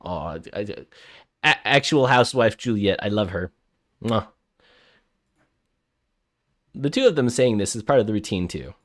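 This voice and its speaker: Animated chatty male streamer. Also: fairly low pitch, normal speed, long pauses. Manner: chatty, flustered, repeats himself. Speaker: streamer playing a visual novel. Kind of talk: live game stream, reading aloud.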